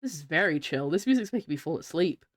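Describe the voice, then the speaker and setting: A woman's voice: low-pitched, expressive, fast talker, dry recording, studio quality. A woman variety streamer chatting casually with her viewers while playing a game, welcoming and laughing often. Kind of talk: casual live-stream chat while gaming.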